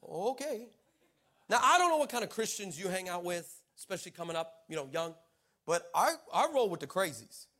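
A male preacher with a fairly high voice delivers a lively, comic story in church. He is playful and quick to tease his listeners, and his energy keeps rising and falling as he tells it. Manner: animated, playful, teasing the congregation.

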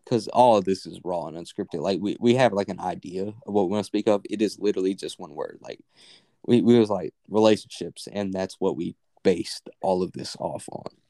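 A young man co-hosting a casual, unscripted podcast, his voice low and mellow. He rambles along with lots of fillers and offhand swearing. The sound is dry and close, with no room around it. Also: a little fast, no room sound. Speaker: podcast co-host.

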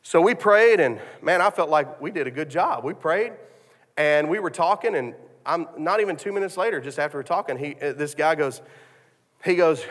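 A man's voice: on the high side, animated, moderate pace, a bit bright. A man preaching a sermon, telling a story with many restarts and repeated words. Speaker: pastor. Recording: long hall reverb.

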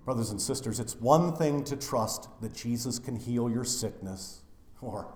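A man preaching a funeral sermon as pastor, swinging from loud declarations to hushed, near-whispered lines. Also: mid-range voice, unhurried, roomy sound.

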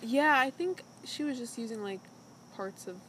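A chatty woman tells a story in casual podcast talk, her speech packed with "like" fillers. Her voice sits fairly high. A faint hiss of noise runs underneath. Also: animated, moderate pace, a bit bright, rough recording. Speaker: podcast co-host. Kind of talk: casual chat, recapping a show.

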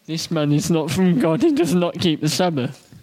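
A volunteer reads a doubting Pharisee, his lines coming out half-laughing. His voice sits slightly high. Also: very animated, moderate pace, a little mellow, poor audio. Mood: doubtful. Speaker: audience volunteer. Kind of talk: reading lines in a live skit.

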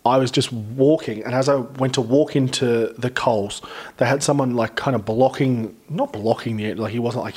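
A young Australian man hosting a podcast, chatting casually and rambling through animated stories. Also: medium pitch, moderate pace, breathy edge. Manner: rambling storyteller, animated retellings. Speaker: podcast host. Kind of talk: casual chat.

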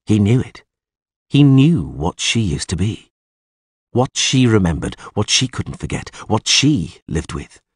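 Husky, expressive male audiobook narrator. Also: fairly low pitch, measured pace, no echo, studio quality.

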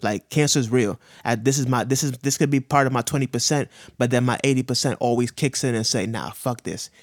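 A man's voice: mid-range voice, steady tone, fast talker, dry recording, studio quality. A man in his thirties on a podcast, talking earnestly about his cancer with heavy slang and profanity, choked up. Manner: earnest, emotional, urges listeners with slang and profanity. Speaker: guest sharing his cancer diagnosis. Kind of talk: candid podcast conversation.

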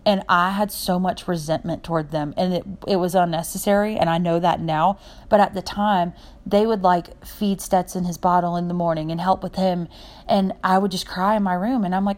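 A young woman talks through her podcast off the cuff, sincere and heartfelt, and drifts from one point to the next. Her voice sits a little low for a woman. She speaks in a loose, personal monologue with no notes. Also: fairly even intonation, moderate pace. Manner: rambling and heartfelt, jumps between points. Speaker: podcast host.

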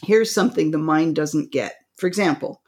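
A woman co-hosting a spiritual podcast, excitable and animated, who acts out little voices and laughs often. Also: low-pitched, normal speed. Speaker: podcast co-host.

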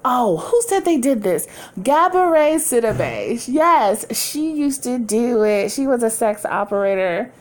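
A woman with a fairly high voice hosts a casual podcast from her home. She talks candidly, chats freely from one subject to the next, and laughs often. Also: sing-song, unhurried, few pauses. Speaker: podcast host. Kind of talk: casual chat.

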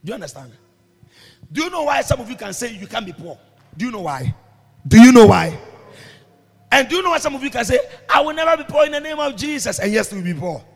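A man preaching a sermon as pastor, breaking into shouts and sung phrases, recorded in a reverberant church hall with music behind. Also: very high voice, very animated, racing, breathy edge.

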